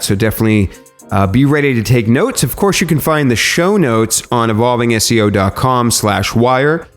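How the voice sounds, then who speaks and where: A man hosting a podcast, introducing the episode in a chatty, loose way with some fillers. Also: medium pitch. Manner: chatty, self-correcting, with filler ums. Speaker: podcast host.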